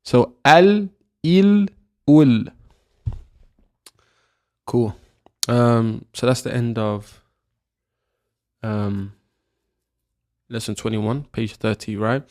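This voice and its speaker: A man's voice: fairly low pitch, little pitch movement, a little slow, long pauses, a little mellow. A man with a British accent teaching Arabic pronunciation. He drills each syllable over and over and keeps checking in with "right?". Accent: British English. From Britain. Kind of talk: slow, patient pronunciation lesson.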